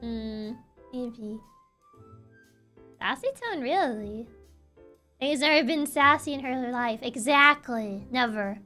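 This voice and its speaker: A young woman streaming casually, soft-spoken and sassy, who laughs often while chatting with her viewers. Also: fairly high pitch, slow, long pauses, soft background music. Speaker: VTuber streamer. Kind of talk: casual livestream chat, reading chat aloud.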